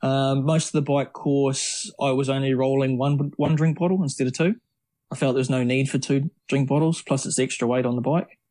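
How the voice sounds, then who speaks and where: A middle-aged man, a guest on an interview podcast, telling lively, rambling stories with many restarts. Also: medium pitch, a little fast. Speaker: triathlete guest. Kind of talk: casual storytelling interview.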